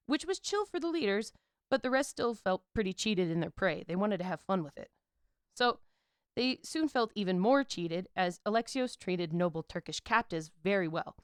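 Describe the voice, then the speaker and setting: A woman's voice: medium pitch, no room sound, clean studio sound. Slangy irreverent woman narrating history. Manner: irreverent, slangy, stumbles on words. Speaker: podcast co-host.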